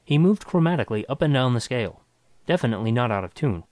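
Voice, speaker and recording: A man reading a science fiction story aloud with dramatic, expressive narration. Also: medium pitch, fast, no room sound.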